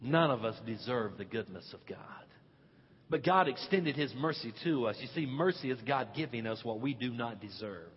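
Male pastor, sermon delivery with big loud-soft swings, dull lo-fi church recording. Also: mid-range voice, lively intonation, moderate pace, breathy edge. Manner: preaching with sweeping swings from quiet to loud, stretching key words. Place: church sanctuary. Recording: dull lo-fi audio with long hall reverb.

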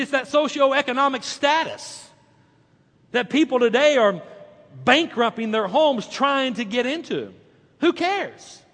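Male pastor, high-pitched, emphatic delivery that rises and drops, reverberant hall. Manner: emphatic preacher, swings between loud and hushed. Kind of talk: sermon.

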